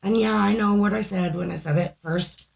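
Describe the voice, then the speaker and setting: A woman's voice: medium pitch, moderate pace, vocal fry. A woman co-hosting a casual podcast, reading listener stories aloud, chatty and swearing freely. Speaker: podcast co-host.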